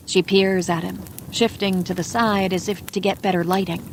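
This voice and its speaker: A woman narrating a bedtime mystery audiobook in a calm, soft, unhurried manner. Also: mid-range voice, slight background noise. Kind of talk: slow bedtime story narration.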